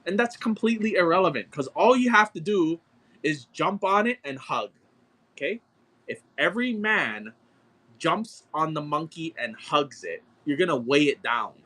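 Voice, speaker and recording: A man running a live-stream card auction, ranting excitedly and cursing as he argues a point with his viewers. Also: on the high side, moderate pace. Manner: profane, excitable, argumentative ranting.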